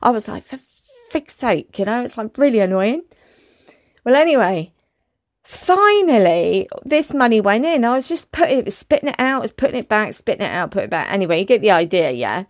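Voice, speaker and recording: An Englishwoman vlogger telling a story in a chatty, animated way, talking straight to her viewers. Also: mid-range voice, a little fast, no room sound, studio quality.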